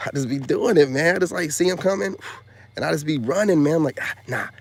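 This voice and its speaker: A man telling a casual story to his viewers, his voice sitting a touch higher than most men's. He talks in a rambling, slangy way, padding every thought with filler phrases. He swings from loud boasting to hushed, near-whispered asides. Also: quick pace, no echo. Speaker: vlogger.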